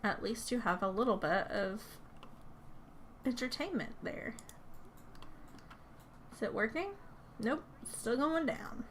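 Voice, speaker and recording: A woman with a fairly high voice plays through a life-sim game, giving casual commentary at an unhurried pace. She chats to her characters as if they could hear her and laughs often between remarks. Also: animated, slight background noise. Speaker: gaming channel host. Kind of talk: casual let's play commentary.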